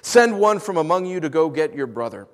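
A man voicing a stern male governor who loudly accuses strangers, while reading scripture aloud. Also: fairly high pitch, big pitch swings, a little fast. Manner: loud commanding reading of quoted speech.

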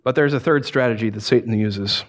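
A man preaching a conversational sermon, animated and acting out voices as he tells the story. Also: medium pitch, brisk. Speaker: pastor.

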